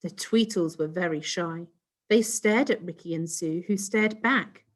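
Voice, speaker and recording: A woman reading a children's story aloud in an expressive way, pausing to ask listeners questions. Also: lowish voice.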